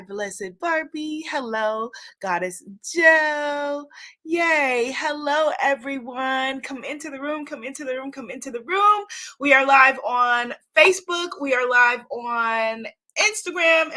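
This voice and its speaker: A woman's voice: sits high, sharp tone. A woman hosting a casual live-streamed spiritual talk, greeting viewers by name and exclaiming happily, recorded at home on a computer or phone mic. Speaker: host of a livestream spiritual talk. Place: at home in New York City.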